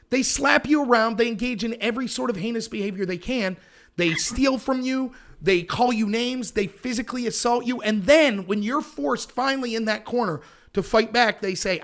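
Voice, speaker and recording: Emphatic high-voiced American male host. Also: normal speed, a bit bright. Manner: emphatic, argumentative, mocks opponents in high voices. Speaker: show host. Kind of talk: political call-in show talk.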